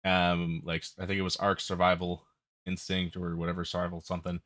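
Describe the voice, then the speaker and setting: A man's voice: low-pitched, monotone, fairly quick, fairly bright tone, no room sound, clean studio sound. A man hosting a podcast, talking casually and bluntly with frequent ums. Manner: blunt, candid, with filler ums. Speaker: podcast host.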